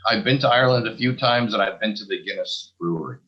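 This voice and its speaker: A man's voice: fairly low pitch, a little fast, dull audio. An American man from New York, a comedian guest, chatting casually and telling dry, self-deprecating stories. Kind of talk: casual chat, anecdotes.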